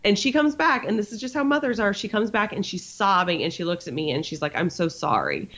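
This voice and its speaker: A woman's voice: mid-range voice, fast talker, a bit bright. A woman in her thirties, an author being interviewed on a podcast, telling candid stories with lots of fillers. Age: 30s. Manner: candid, storytelling with frequent fillers. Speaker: author guest.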